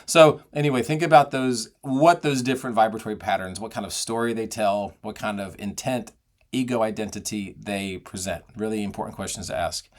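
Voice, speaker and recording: In a lowish, brisk voice, a middle-aged man teaches singing, explaining vocal technique and demonstrating it with sounds and sung phrases.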